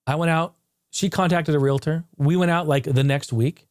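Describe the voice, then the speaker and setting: A man's voice: on the high side, moderate pace, a little mellow, clean tone, dry recording, clean studio sound. A man telling his own story in a candid personal retrospective, blunt and profane, rambling with frequent restarts. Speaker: channel host. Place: home.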